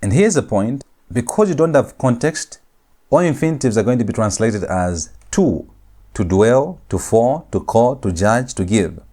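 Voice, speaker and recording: A man giving a Hebrew grammar lecture, speaking slowly and repeating each term and example for his students. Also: medium pitch, expressive, dark tone. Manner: slow, repetitive, spells out each word. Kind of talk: classroom lecture.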